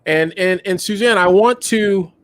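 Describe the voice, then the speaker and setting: A man hosting a live talk show, enthusiastic and animated, speaking with lots of fillers. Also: high voice, a little slow, no echo. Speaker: host.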